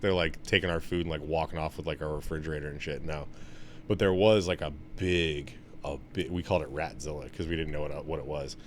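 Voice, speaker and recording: A young man in casual podcast chat, telling stories with lots of swearing and getting loud when he's excited. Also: a little fast, slight background noise. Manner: animated, swears a lot, gets loud and high when excited. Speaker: podcast co-host.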